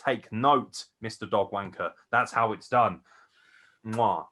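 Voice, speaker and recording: A tired man co-hosting a wrestling podcast, gushing excitedly and swearing a lot as he rambles. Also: fairly low pitch, takes it slowly. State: tired from no sleep. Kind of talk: excited casual chat.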